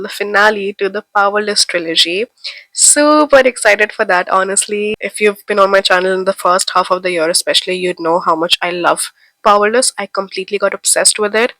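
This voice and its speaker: A woman's voice: mid-range voice, a bit bright, no echo, low-quality recording. Chatty young woman with a head cold. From India. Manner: chatty and enthusiastic, gushing about books. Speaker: book vlogger. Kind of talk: casual chat to camera.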